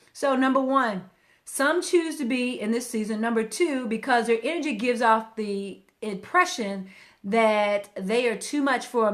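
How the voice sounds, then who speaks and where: A woman's voice: on the high side, fairly bright tone. A woman in her fifties hosting a casual livestream, chatting straight to her viewers as a relationship speaker.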